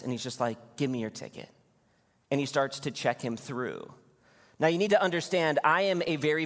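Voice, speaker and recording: A male pastor preaching a sermon, telling a personal story in a lively storytelling manner before reading scripture. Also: fairly high pitch. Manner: storytelling, animated when recounting anger. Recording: long hall reverb.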